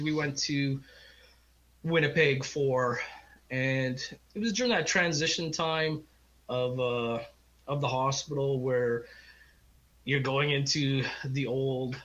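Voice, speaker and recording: A man's voice: mid-range voice, a bit bright. A middle-aged man, a podcast guest, telling a long personal story in a rambling, heartfelt way and acting out the people he quotes. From Canada. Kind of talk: casual storytelling interview. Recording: slightly dull lo-fi audio.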